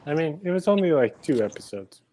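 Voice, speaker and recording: A man's voice: fairly high pitch, very animated, brisk, mellow, a little hiss or hum, poor audio. Easygoing male host who laughs often. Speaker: show host. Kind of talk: casual chat on a video call.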